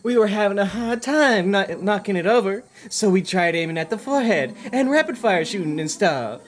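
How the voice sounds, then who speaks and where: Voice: medium pitch, animated, normal speed, lightly acted. A player voicing a cheerful, sweet teenage girl while reading visual novel lines aloud, eager and earnest.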